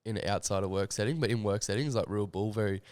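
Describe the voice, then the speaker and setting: Fast-talking man, low voice. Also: a little mellow, no echo. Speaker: podcast host. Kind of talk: casual chat.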